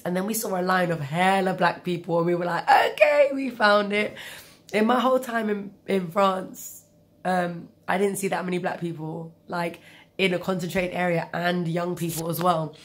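Chatty woman with a cold. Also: fairly low pitch. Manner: chatty, rambling with asides. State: has a cold, coughing. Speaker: vlogger. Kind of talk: casual storytelling.

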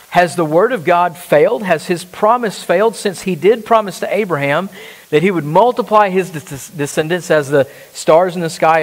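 A man's voice: fairly high pitch, in a large hall, low-quality recording. A man preaching a sermon as pastor, emphatic, asking the congregation rhetorical questions. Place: church.

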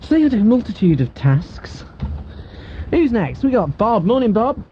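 Lively, high-voiced male radio phone-in host. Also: normal speed, slight background noise. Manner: chatty, jokey, animated. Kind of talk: casual radio phone-in chat. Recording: dull lo-fi radio broadcast recording.

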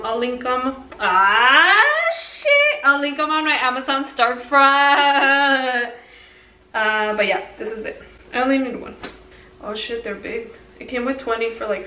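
A young woman talks her way through a recipe in her home kitchen, chatty and laughing at herself, tossing in Spanish words. Her voice sits high and bright. The camera is set back from her, so the room sounds echoey. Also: recorded from a distance, a little hiss or hum. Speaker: vlogger. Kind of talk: casual cooking vlog chat. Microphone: camera on tripod.

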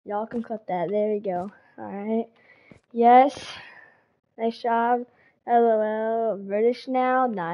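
A woman's voice: a little high, lo-fi sound. Chatty streamer woman with a cold. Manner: chatty, repeats herself, greets chat. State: slight cold. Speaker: game streamer. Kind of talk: casual live-stream chat.

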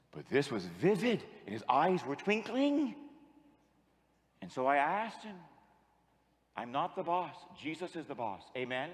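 Man preaching in a reverberant church. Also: mid-range voice. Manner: storytelling preacher leading the congregation in call-and-response. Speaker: priest. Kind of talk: sermon.

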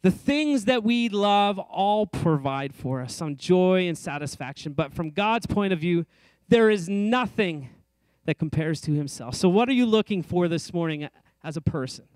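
A man's voice: sits high, expressive, normal speed, a little mellow, no room sound. A middle-aged man preaching a sermon in a church, earnest and conversational with light self-deprecating asides. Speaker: pastor. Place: church sanctuary.

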